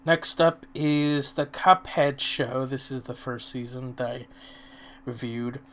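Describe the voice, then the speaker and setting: A man chatting casually as co-host, slightly hoarse, with a relaxed manner that trails off. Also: mid-range voice, slow pace. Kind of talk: casual chat.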